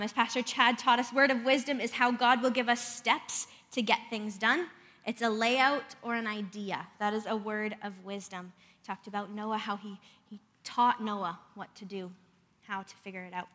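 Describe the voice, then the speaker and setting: A woman's voice: fairly high pitch, bright, forceful tone. A woman giving an earnest sermon in a church, praying and telling a family story. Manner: earnest, storytelling with prayerful passages. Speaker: preacher. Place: church sanctuary. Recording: long reverb of a church hall.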